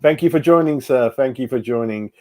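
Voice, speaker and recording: A man's voice: medium pitch, fairly quick, a little mellow. Chatty man hosting a stream. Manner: chatty, repeats words, greets viewers by name. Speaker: fan channel host. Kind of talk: casual livestream chat.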